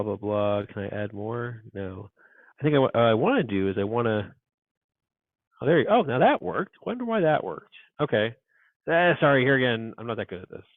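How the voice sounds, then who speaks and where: A man's voice: mid-range voice, no room sound, narrow, tinny audio. A man teaching a programming class, thinking aloud as he codes and muttering asides to himself. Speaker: university instructor. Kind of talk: live coding lecture.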